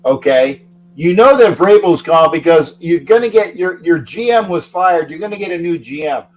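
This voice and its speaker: A male sports-talk host with a fairly high voice, talking loosely and emphatically. He stumbles over his words and repeats himself before he lands a point. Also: animated, moderate pace, slight background noise, poor audio. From Florida. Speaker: show host. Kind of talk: casual sports talk show.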